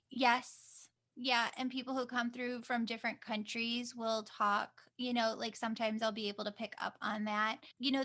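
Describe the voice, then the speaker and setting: A woman's voice: on the high side, fairly bright tone. A woman hosting a casual spiritual chat as a medium, upbeat and chatty. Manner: upbeat, chatty, fond of "like" and "yay". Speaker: host, angel medium.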